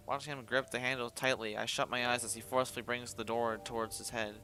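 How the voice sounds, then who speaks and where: A man reads a visual novel aloud in the first person, putting feeling into the narration. His voice is an ordinary mid pitch, and he often stumbles and restarts. He breaks off now and then with blunt sworn reactions, while faint music plays behind him. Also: little pitch movement, quick pace, bright, forceful tone. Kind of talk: dramatic first-person story reading with asides.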